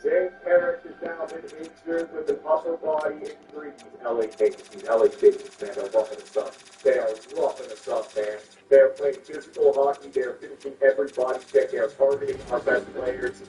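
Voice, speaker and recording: A man commentating a hockey video game play by play, swinging from calm calls to loud outbursts and cursing, from Canada. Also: mid-range voice, normal speed, hardly any pauses, reverberant, far from the mic, slight background noise, low-quality recording. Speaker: gaming commentator.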